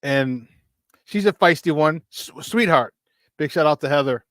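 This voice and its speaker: Animated male sports radio host. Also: fairly high pitch, normal speed, no echo. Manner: animated, hypey, laughs often. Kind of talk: morning sports talk show.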